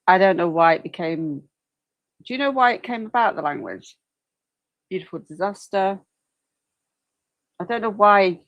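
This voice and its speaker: A woman's voice: medium pitch, lively intonation, normal speed, pauses often, dull audio. A woman hosting a livestream, chatting casually in a rambling way with apologetic asides. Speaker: livestream host commenting on a trial. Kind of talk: casual chat.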